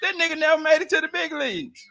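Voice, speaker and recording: A man with a high, ringing voice and an African American Vernacular English accent, pressing his point on a live-stream debate panel over a video call. He cuts in, repeats names and questions again and again, and talks over the others. His tone stays sharp and forceful. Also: fast talker, gravelly.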